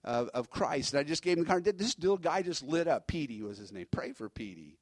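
A male pastor delivers a sermon in a somewhat high voice. He preaches emphatically, pushing his points with energy and often restarting phrases. The sound is dry and close, with little room around it. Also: expressive, a little fast, hardly any pauses, no room sound.

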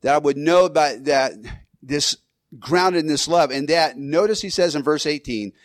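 A man's voice: fairly high pitch, normal speed, no room sound. A man preaching a sermon as pastor in a church, in a loose conversational way with restarts and the odd chuckle.

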